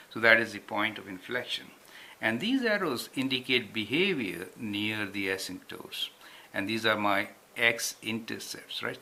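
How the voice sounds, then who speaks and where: Bright-voiced man tutoring calculus. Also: lowish voice. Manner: patient, checks understanding with tag questions. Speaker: math tutor. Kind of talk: explaining at a whiteboard.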